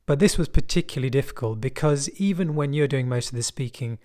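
A middle-aged man from West London with a West London accent, telling a personal story in a measured, reflective and wry way. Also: medium pitch, warm tone. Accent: West London English.

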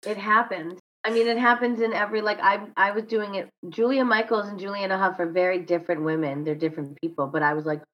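Woman, podcast co-host, casual rambling chat, restarts mid-sentence, average pitch, slightly muffled recording. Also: steady tone, fast, few pauses. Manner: rambling, self-correcting. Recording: slightly dull lo-fi sound.

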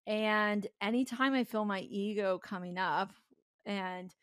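A woman guest talking candidly in a podcast interview, earnest and animated, with bursts of laughter. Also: medium pitch, slow pace, smooth, dry recording, studio quality. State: tearful. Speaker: podcast guest, company founder.

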